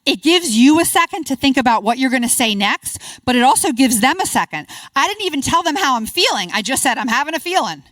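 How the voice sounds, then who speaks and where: A middle-aged woman presenting at a conference workshop, upbeat and encouraging, quick to praise the audience's answers. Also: high voice, very animated, a bit bright, dry recording. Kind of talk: interactive workshop talk.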